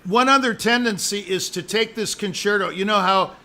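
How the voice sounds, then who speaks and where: A man's voice: high voice, moderate pace, bright, forceful tone. A man giving a musician live spoken feedback as an audition judge, emphatic and jokey, repeating his points.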